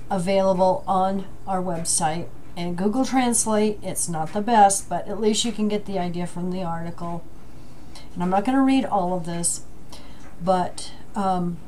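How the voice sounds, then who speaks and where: A middle-aged woman vlogging from home, speaking emotionally and haltingly and apologizing as she goes. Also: mid-range voice, a little mellow, a little hiss or hum. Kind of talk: emotional commentary vlog. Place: home with a dryer running. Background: a dryer running.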